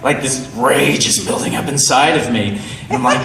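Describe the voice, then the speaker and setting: A man telling a story on a stream in a lively way, laughing and acting out what people said. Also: medium pitch, normal speed, vocal fry. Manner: animated, laughing, acting out quotes. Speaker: guest. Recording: roomy, distant mic, faint noise.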